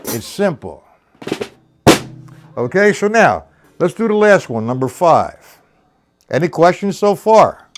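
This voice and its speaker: A man's voice: on the high side, sing-song, slow, long pauses, music in the background. A man teaching a live-streamed drum lesson. He counts rhythms aloud, calls out stickings and talks to viewers by name. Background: drum kit.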